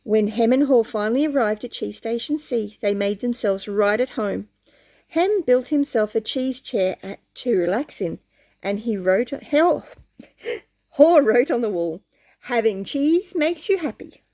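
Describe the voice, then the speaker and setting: A woman reading a picture book aloud to children in an animated way, often pausing to ask the listener questions. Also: on the high side. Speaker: storyteller.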